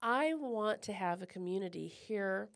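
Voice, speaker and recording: Gravelly-voiced woman co-hosting a chat. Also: mid-range voice, unhurried. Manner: animated, self-deprecating, laughs often. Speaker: podcast co-host. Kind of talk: casual chat.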